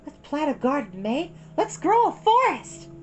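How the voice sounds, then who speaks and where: A woman's voice: sits high, big pitch swings, measured pace, soft background music, pitched above the performer's own voice. A woman voicing an eager older schoolgirl who talks in a coaxing way.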